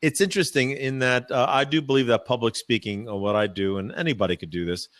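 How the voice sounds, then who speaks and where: A man, a professional speaker, answering interview questions in a chatty, animated way with many fillers and restarts, using a practiced voice dropped low from the diaphragm. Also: fast talker, no room sound. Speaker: professional speaker, podcast guest. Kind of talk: casual interview answers, storytelling. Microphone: microphone.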